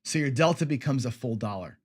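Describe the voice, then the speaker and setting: A middle-aged man with a medium-pitched, darkish voice, lively intonation, and a slightly fast pace hosts a live lesson show. He chats casually and answers viewer comments he reads out, with plenty of fillers and restarts.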